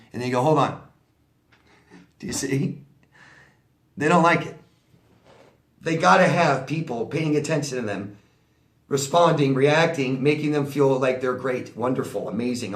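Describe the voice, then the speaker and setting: A man's voice: mid-range voice, roomy sound. A man giving casual, blunt advice as a life coach, talking in a loose conversational way and repeating his points with asides.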